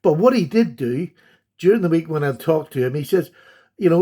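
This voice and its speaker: A man talks through his collection in a casual vlog. His voice sits a little high for a man. He rambles warmly and fixes his own slips as he goes. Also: lively intonation, a little fast. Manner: chatty, warm-hearted and rambling with self-corrections. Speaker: knife collecting YouTuber. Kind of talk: casual show-and-tell vlog.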